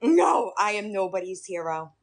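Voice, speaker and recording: A woman with a thick New York accent talks to her live-stream chat in an unhurried, easy way. Her voice sits a bit high and bright, and it swings up and down with plenty of life. She laughs often as she goes. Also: big pitch swings. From Staten Island, New York.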